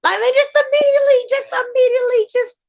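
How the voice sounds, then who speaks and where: A woman's voice: very high voice, fairly even intonation, fast, vocal fry, a little mellow, dull audio. A woman giving casual, emphatic commentary as a vlogger, now and then turning to talk to her partner off-camera.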